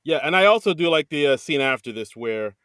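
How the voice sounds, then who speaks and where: A man's voice: on the high side, expressive, brisk, fairly bright tone, smooth, no echo. A man co-hosting a podcast in casual chat, easygoing, with lots of fillers and short reactions. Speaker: podcast co-host.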